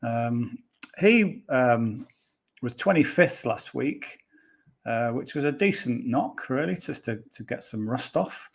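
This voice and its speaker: A man's voice: mid-range voice, expressive, takes it slowly, vocal fry, husky. A man giving a casual golf betting preview on a podcast, rambling and chatty with plenty of fillers and restarts.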